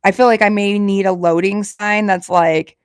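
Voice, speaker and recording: A woman with a Southern Alabama accent, chatting casually with viewers on a livestream. She talks quickly, running her words and sounds together. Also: mid-range voice, fairly even intonation, dry recording, studio quality. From Alabama, USA. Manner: chatty and self-deprecating. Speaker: livestream host. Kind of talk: casual live-stream chat with viewers.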